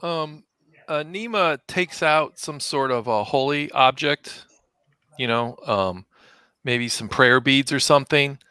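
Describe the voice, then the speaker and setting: A man's voice: mid-range voice, slow, pushed and bright, smooth, no echo, studio quality. A man playing a tabletop game, hesitantly describing what his character does, with many fillers. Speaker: player.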